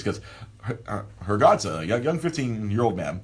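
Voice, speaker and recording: A man hosting a casual podcast, telling a rambling, animated story full of restarts. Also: on the low side, normal speed, background noise. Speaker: podcast host.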